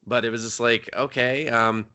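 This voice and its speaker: A man co-hosting a casual comedy movie review, joking and swearing as he recaps scenes in quick put-on voices. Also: mid-range voice, steady tone, bright, forceful tone, clean tone. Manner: profane, joking, acts out characters in quick voices. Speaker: podcast co-host.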